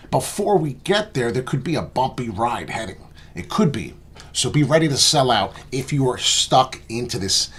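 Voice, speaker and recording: A man hosting a crypto trading channel, giving casual chart commentary in a boastful, rambling, animated way. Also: medium pitch, breathy edge.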